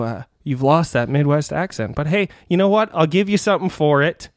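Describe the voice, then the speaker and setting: A man's voice: fairly high pitch, normal speed, few pauses, dry recording, studio quality. A man hosting a comedy podcast, rambling and laughing through a joke bit where he reads out fake diagnoses as a doctor. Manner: rambling, laughing, with frequent restarts.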